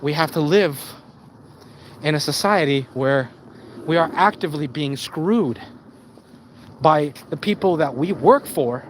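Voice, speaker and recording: A man's voice: fairly high pitch, a little hiss or hum, low-quality recording. A man ranting on a live stream, swearing and stumbling over his words as he repeats himself.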